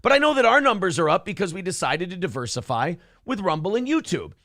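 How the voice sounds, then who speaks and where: A man with a high, lively voice co-hosts a podcast and tells stories with sarcastic flair. His pitch swings widely as he mocks the people he quotes. The recording is dry and close, with no room sound. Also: fast talker, dry recording. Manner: sarcastic, animated storytelling with mocking voices. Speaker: podcast co-host. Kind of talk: casual chat.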